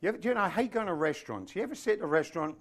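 Fervent preacher man, fairly high voice. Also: lively intonation, rapid-fire. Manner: fervent, rising to emphatic peaks, rhetorical questions to the congregation. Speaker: pastor. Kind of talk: sermon. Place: church.

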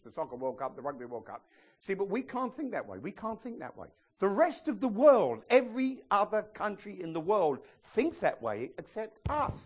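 A man preaching a sermon as pastor of a church, in a humorous, emphatic style. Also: high-pitched. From outside the US.

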